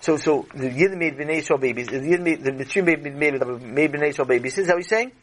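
A man voicing an excitable schoolboy who tells a story to his teacher in a children's audio story. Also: a little high, fast, a little hiss or hum, lightly acted, rough recording. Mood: eager. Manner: excitable, eager.

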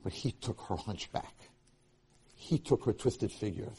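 Husky-voiced man telling a religious story. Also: lowish voice, a little slow. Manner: animated, repetitive storyteller with frequent restarts. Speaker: Torah lecturer. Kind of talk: storytelling Torah lecture.

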